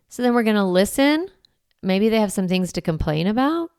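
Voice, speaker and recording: A woman hosting a parenting podcast, explaining calmly and acting out gentle phrases to say to an upset child. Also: medium pitch, a little fast, clear, resonant tone, no echo, studio quality. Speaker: parenting podcast host and coach. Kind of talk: instructional podcast monologue.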